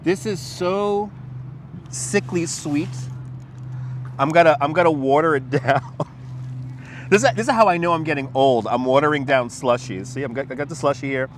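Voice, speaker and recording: Walking outdoors on a city waterfront, a livestream host chats casually with his viewers, laughing, cursing and rambling as he responds. He speaks a little fast at a medium pitch. A wireless lapel mic captures slight background noise.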